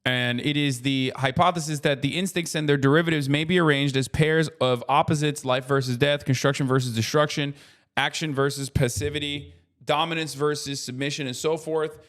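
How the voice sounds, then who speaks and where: A man's voice: on the high side, fairly even intonation, a little fast, a bit bright. A man in his thirties streaming casual political commentary, ranting with heavy profanity.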